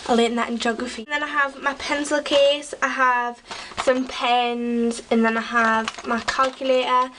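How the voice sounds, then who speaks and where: A woman's voice: high voice, level tone, moderate pace, distant mic, background noise. A teenage girl from England, chatting about her school bag in a rambling way, full of fillers. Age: teens. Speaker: vlogger. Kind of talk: casual chat.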